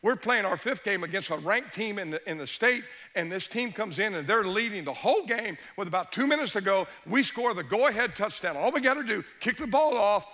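High, bright animated male preacher. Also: brisk, few pauses. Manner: animated storyteller, shifts between hushed and shouting. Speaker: pastor. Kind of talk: sermon storytelling.

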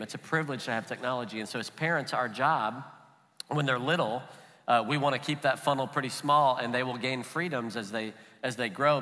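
Bright-voiced man preaching in a hall. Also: medium pitch. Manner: relaxed and conversational, with light laughs. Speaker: pastor. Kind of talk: sermon. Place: church auditorium.

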